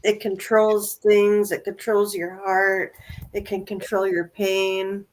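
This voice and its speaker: A woman's voice: medium pitch, monotone, takes it slowly. A woman co-hosting a casual talk show, agreeing and adding short remarks. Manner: agreeable, chiming in briefly. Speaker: co-host. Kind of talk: casual chat.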